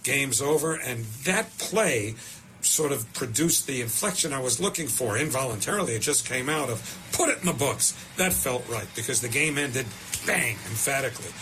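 An older man, a veteran baseball broadcaster telling stories in an interview, measured and warmly reflective. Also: mid-range voice, slight background noise. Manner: measured, animated when quoting himself.

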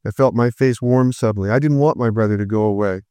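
Male storyteller, smooth and resonant, dry close sound, measured reading. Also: fairly low pitch, mellow, no room sound. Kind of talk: first-person story narration.

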